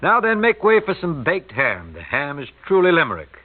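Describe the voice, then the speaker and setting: A man's voice: a little high, wildly swooping pitch, moderate pace. A man hosting a radio show, talking in a folksy, joking, conversational way. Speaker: radio host. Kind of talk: chatty radio talk. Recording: tinny old radio broadcast.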